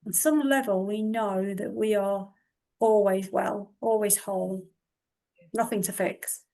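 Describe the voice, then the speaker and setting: A woman's voice: medium pitch, steady tone, a little slow, gravelly, mellow. A woman co-hosting a conversational interview, thoughtful, searching for words and repeating herself as she goes.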